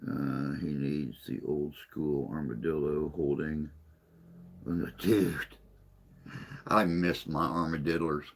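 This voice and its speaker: A man's voice: extremely low pitch, fairly even intonation, slow pace, creaky. A man chatting casually on a live stream, rambling and folksy, a little tired and unwell.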